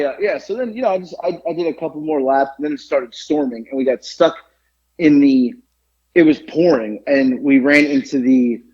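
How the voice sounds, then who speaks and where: A man's voice: a little high, a little mellow, breathy edge. A man co-hosting a podcast, telling a story in a rambling way with many fillers and restarts. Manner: rambling, stumbling over words with many fillers. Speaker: podcast co-host. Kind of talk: casual storytelling chat. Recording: dull lo-fi podcast audio.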